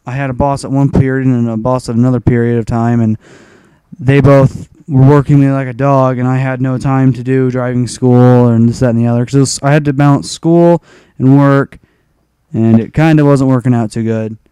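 Young man ranting casually, smooth dry voice. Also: mid-range voice, steady tone, moderate pace, dark tone, dry recording. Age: young adult. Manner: rambling, profane, frustrated. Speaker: gaming commentator. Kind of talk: casual rant over gameplay.

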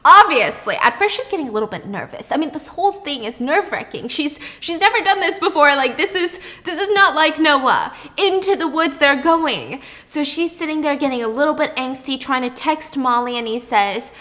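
Chatty young woman host, slightly high. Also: animated, moderate pace, hardly any pauses, pushed and bright. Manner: chatty, joking, slangy. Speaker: podcast host. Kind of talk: casual storytelling while baking.

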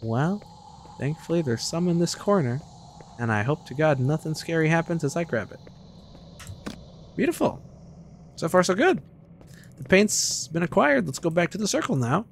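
Excitable trash-talking young man gamer. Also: a little high, moderate pace, gravelly, a little hiss or hum. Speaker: streamer. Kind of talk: casual gameplay commentary.

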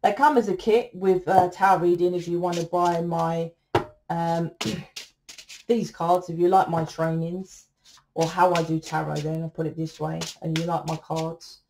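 A woman's voice: lowish voice, flat delivery, measured pace, noisy background. A woman giving a casual tarot reading to camera. She talks bluntly, swears freely and keeps tagging her points with "right?". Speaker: tarot reader.

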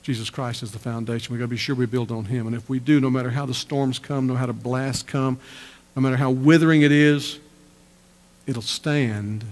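A man's voice: medium pitch, steady tone, brisk, darkish tone. A man preaching a sermon as pastor, emphatic and repeating his phrases for effect. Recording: church hall reverb.

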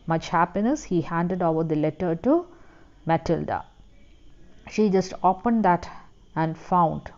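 A woman teacher who reads a story aloud and explains it to her class. Her voice is low and mellow, and the recording is dull and lo-fi. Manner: explains words, asks the class questions. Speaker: school teacher.

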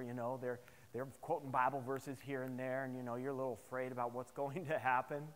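A man preaching a sermon to his congregation, telling personal stories in an animated, humorous way. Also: mid-range voice, a little fast, few pauses, in a large hall. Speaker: pastor. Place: chapel service.

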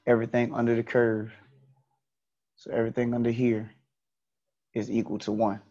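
Gravelly male teacher, flat delivery. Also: medium pitch, normal speed, highs cut off. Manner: explains step by step, repeating key points. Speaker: statistics teacher. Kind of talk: online class lecture.

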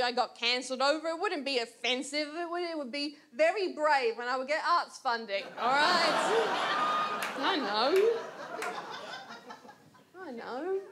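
High-voiced woman doing chatty stand-up. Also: lively intonation, a little hiss or hum. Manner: chatty, self-mocking, quick asides. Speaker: stand-up comedian. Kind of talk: stand-up comedy set. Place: theatre stage with a laughing audience. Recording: live stage recording with loud audience.

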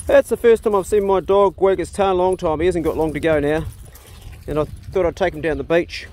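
A man's voice: high-pitched, steady tone, brisk, darkish tone. A man with a New Zealand accent chatting casually outdoors for his homesteading vlog and talking fondly to his dog. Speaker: homesteading vlogger. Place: outdoors on a beach.

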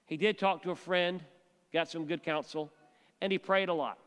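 A male pastor preaching a sermon, telling stories and dropping his voice soft and quiet for emphasis. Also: fairly high pitch, steady tone, normal speed, clear, resonant tone, long reverb tail.

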